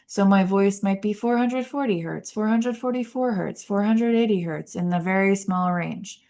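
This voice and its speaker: Young woman, podcast host explaining therapy, chatty with lots of fillers, vocal fry. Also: mid-range voice, normal speed, darkish tone. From Baltimore. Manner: chatty, many fillers and tangents. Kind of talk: casual educational talk.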